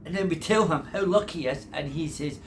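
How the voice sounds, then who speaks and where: A crowd of envious farmers at the pub, insistent and worked up, voices swooping up and down, as an older storyteller acts them out. It is a storytelling voice rather than a full character turn. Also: male voice, mid-range voice, sing-song, a little slow, slight background noise. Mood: indignant. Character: jealous, gossiping male farmers in a pub.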